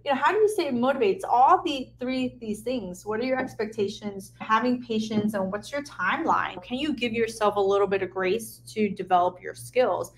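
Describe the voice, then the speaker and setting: A woman's voice: a little high, normal speed, few pauses, slight background noise. A woman who works as an occupational therapist, giving candid career advice in a frank, emotional way and swearing now and then. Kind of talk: candid unscripted advice talk.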